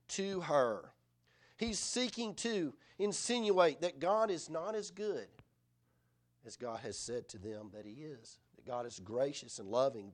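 A middle-aged male pastor preaching a sermon in an earnest, conversational way, often asking the listeners rhetorical questions. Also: on the high side.

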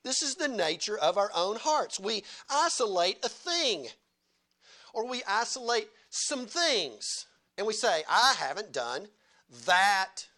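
A man's voice: high-pitched, sing-song, measured pace, sharp tone. A male pastor delivering a sermon at a church service, earnest, repeating key phrases and asking rhetorical questions.

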